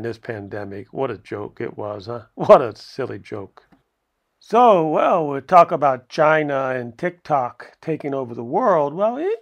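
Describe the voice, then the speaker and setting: A male movie reviewer talks through a film in a loose, rambling way, often breaking into chuckles. His voice has a gravelly, fried texture at a middling pitch. He sounds like he is recording casually at home. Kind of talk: casual video review commentary.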